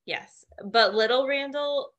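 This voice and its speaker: A young woman co-hosts a casual podcast in a bright, clear voice. She is wry and lightly teasing, and she moves the conversation from segment to segment. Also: sits high, takes it slowly, lo-fi sound. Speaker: podcast co-host. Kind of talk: casual chat.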